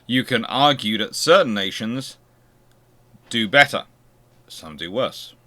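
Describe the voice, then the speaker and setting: Slow and animated, this man's mid-range voice has a sharp tone as he hosts a history channel. He lectures without a script, explaining things and asking rhetorical questions along the way.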